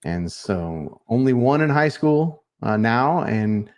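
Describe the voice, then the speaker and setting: A man in his forties from Texas, a guest on a podcast, talking in friendly casual chat with many pauses and fillers. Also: medium pitch, animated, a little mellow. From Texas, USA. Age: 40s.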